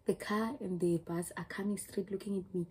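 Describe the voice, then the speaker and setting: Young South African woman, YouTuber telling a story; husky, warm-dark tone, rambling delivery. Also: medium pitch, fairly even intonation, fairly quick, rough recording. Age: young adult. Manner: emotional, rambling retelling with many restarts. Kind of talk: storytime vlog.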